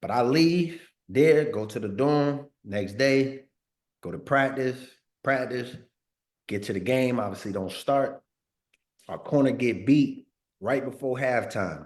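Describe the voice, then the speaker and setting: Sitting down for an interview, this Northern Californian man in his thirties, once a pro football player, spins casual stories full of slang, leaning on "like" and repeated words. His pitch is fairly low.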